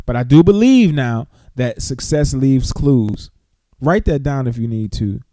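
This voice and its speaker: A man hosting a morning talk show, talking casually with animated emphasis. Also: mid-range voice, no room sound.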